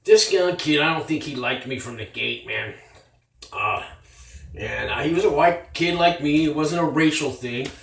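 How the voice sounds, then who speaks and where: A man's voice: fairly high pitch, moderate pace, vocal fry, a bit bright, recorded from a distance. A man in his fifties telling a prison story in a rambling, profane, casual way, recorded on a tablet. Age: 50s. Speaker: former inmate vlogger. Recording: roomy, off-mic, with faint noise.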